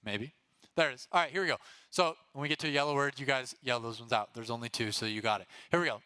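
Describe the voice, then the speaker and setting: A young man teaching a Bible lesson to students, casual and energetic, who keeps checking in with "right?". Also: medium pitch, fast, smooth, no echo. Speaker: youth pastor.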